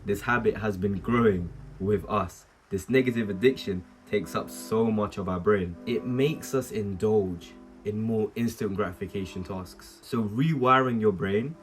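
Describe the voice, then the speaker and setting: A man's voice: lowish voice, unhurried, soft background music. A young man talking candidly to camera as a self-improvement vlogger, swearing and laughing at himself. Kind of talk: casual talk to camera.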